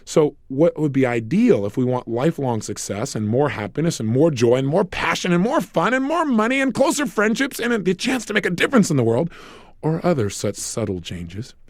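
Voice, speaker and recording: A man giving a recorded self-help lecture, energetic and acting out little dialogues. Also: a little high, moderate pace, no echo, studio quality. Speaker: motivational speaker.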